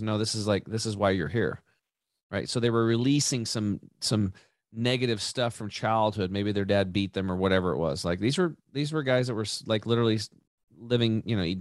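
A man's voice: fairly low pitch, fast talker, dry recording, clean studio sound. A man hosting a podcast, telling a personal story casually, with frequent restarts and asides like "right" and "dude". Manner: rambling, animated, repeats and restarts, says "dude" and "right". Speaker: podcast host.

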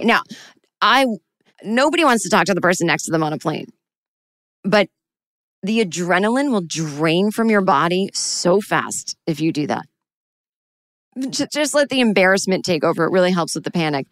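A woman's voice: lowish voice, animated, normal speed, no room sound. A woman talking alone into a microphone, giving candid, self-deprecating advice in a chatty, casual way. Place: alone, recording at home.

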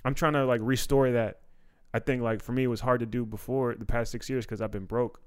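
A man's voice: medium pitch, fairly even intonation, fairly quick, clean tone. A man from Washington, D.C. hosting a podcast, telling stories in a laid-back, slangy way with plenty of swearing. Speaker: podcast host and comedian. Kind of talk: casual podcast chat.

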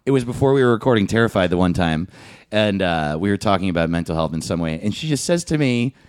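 A man's voice: low voice, animated, fast, a little mellow. A man, a comedian guest on a podcast, talking candidly and rambling with frequent swearing. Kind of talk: casual comedy podcast chat.

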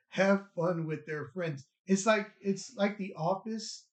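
A man's voice: high-pitched, takes it slowly. A man, a toy shop owner, chatting casually and rambling with laughs in an echoey store. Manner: laid-back, laughing, rambling with restarts. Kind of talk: casual interview chat. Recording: roomy echo, dull lo-fi sound.

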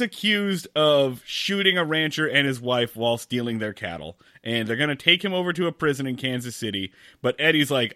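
A man's voice: mid-range voice, expressive, normal speed, sharp tone, no echo, studio quality. A man co-hosting a podcast in casual chat, recapping episode plots with wry, profane asides. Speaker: podcast co-host.

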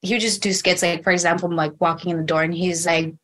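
A woman contestant telling an animated story, acting out quotes along the way. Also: fairly low pitch, quick pace.

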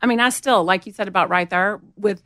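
A woman in her forties with a Southern US accent, telling lively stories as an interview guest. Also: brisk, dry recording, clean studio sound. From Montgomery, Alabama. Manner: animated storyteller, acts out quotes in a higher voice. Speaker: guest, music promotion veteran. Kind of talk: casual storytelling interview.

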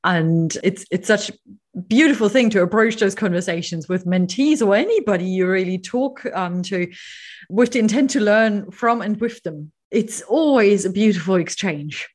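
A woman's voice: medium pitch, moderate pace, darkish tone. A woman hosting a podcast, talking casually in an agreeable, reflective way. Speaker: podcast host. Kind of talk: casual interview chat.

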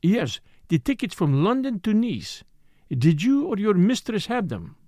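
A man reading the part of a measured, thoughtful detective. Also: high voice, sing-song, warm tone, dry recording, studio quality, pitched above the performer's own voice, heavily acted. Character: thoughtful, fussy male detective. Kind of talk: audiobook character reading.

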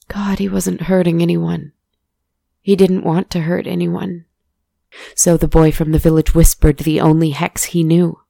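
Low, creaky woman telling a story. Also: mellow, dry recording, clean studio sound. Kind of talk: scripted story narration.

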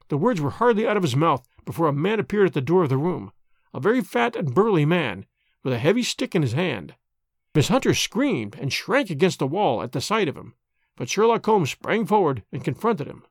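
This is a slightly high male voice giving audiobook narration that is measured and expressive. The recording is dry and of studio quality.

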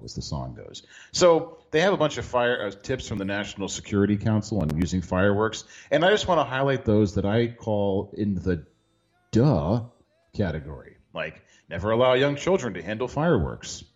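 Wry, lively-voiced male podcast host. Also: fairly low pitch, moderate pace, muffled recording. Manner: dry, joking. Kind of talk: casual comedic chat.

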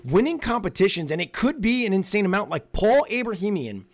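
A man co-hosting a casual live stream, excitable, swinging from hushed to loud. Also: high voice, brisk, dry recording. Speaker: co-host.

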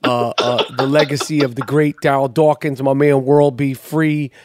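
A man hosting a podcast in casual sports chat, animated, stammering through restarts and swearing freely. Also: medium pitch, normal speed, dry recording, clean studio sound. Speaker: podcast host.

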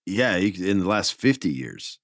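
Joking podcast guy, lowish voice, animated, dry close mic. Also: moderate pace, no room sound. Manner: animated, jokey, does goofy voices for quotes. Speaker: podcast co-host. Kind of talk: casual chat.

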